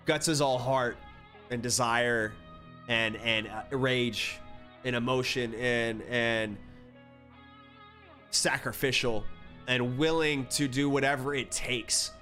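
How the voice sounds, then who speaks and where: A man talks through a comic's plot in a loose, rambling vlog style. He keeps jumping back, restarting and padding with fillers as he goes. His voice sits at a middle pitch, with faint guitar music behind him. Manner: rambling, animated storytelling with filler words. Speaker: manga reviewer. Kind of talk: casual vlog recap.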